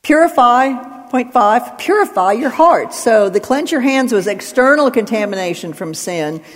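A woman's voice: fairly high pitch, expressive, moderate pace. A woman giving an expository Bible teaching, working through numbered points and citing scripture with emphasis. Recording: long hall reverb.

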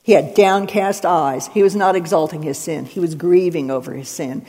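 A woman's voice: on the low side, normal speed, mellow, husky. Woman teaching scripture in an echoing hall. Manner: emphatic, numbered points with scripture references. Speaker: Bible teacher. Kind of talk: expository Bible teaching. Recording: long hall reverb.

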